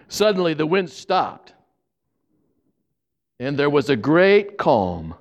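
A man's voice: a little high, expressive, a little slow. A man in his seventies from Ohio, preaching in a folksy, anecdotal storytelling way and chuckling at his own tales. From Ohio, USA. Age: 70s. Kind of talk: storytelling sermon.

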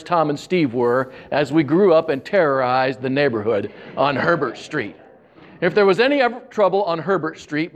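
A man's voice: fairly high pitch, highs cut off. Older man telling folksy sermon stories. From Ohio, USA. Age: 70s. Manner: folksy, anecdotal, chuckles at own stories. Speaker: preacher. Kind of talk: storytelling sermon.

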